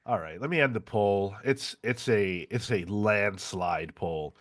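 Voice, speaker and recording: A man's voice: lowish voice, measured pace. Exasperated New man on a comics stream. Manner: exasperated, swears and laughs at himself. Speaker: podcast co-host. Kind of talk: casual live-stream chat.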